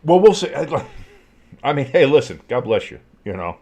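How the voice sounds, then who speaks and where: A man's voice: mid-range voice, very animated, normal speed, dark tone. A man co-hosting a casual sports podcast, playful and teasing, often slipping into goofy voices. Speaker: co-host.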